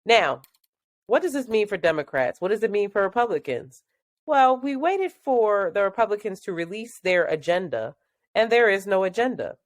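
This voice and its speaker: Woman, chatty podcast co-host, expressive pitch, dry close mic. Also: normal speed, no room sound. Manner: animated, laughing, chatty. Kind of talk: casual chat.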